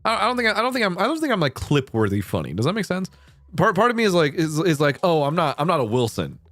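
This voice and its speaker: A man's voice: sits high, big pitch swings, fast talker, fairly bright tone, no echo. A young man talks loosely into a close mic on a late-night stream. He rambles and restarts his sentences, with casual swearing throughout. The sound is dry, with faint music underneath.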